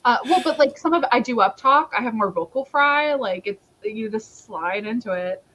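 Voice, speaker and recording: A woman's voice: a little high, animated, normal speed, a bit bright, lo-fi sound, slight background noise. A young woman from Georgia in the United States, hosting a casual live-stream chat and rambling with many restarts. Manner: rambling, self-correcting, lots of fillers. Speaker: host.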